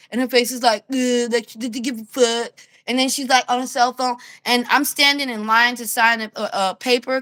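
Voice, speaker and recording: A woman with a New York accent ranting to camera as a street vlogger, animated and blunt, laughing as she tells her story. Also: on the high side. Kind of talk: casual rant to camera.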